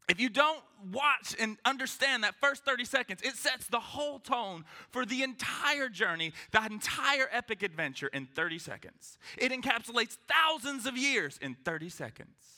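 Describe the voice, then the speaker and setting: A man's voice: high-pitched, moderate pace. A man preaching a sermon to his congregation in a church, joking and acting out little voices as he goes. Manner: animated, joking, acts out voices. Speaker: pastor.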